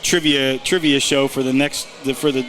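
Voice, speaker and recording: A man's voice: mid-range voice, steady tone, normal speed, fairly bright tone. A man co-hosting a golf podcast in casual chat, giving betting picks and teasing his partner with stop-start banter.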